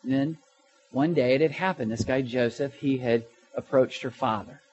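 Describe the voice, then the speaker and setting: Preaching from the pulpit, a middle-aged pastor shares a personal story with animation, moving from loud passages to hushed ones amid stammers and restarts. His voice is mid-range at a normal speed, and the recording sounds dull.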